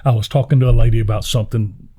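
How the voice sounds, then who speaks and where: A middle-aged pastor, telling personal stories in a jovial, folksy way. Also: male voice, mid-range voice, steady tone, rapid-fire, dark tone, highs cut off. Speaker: pastor and podcast guest. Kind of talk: personal storytelling in conversation.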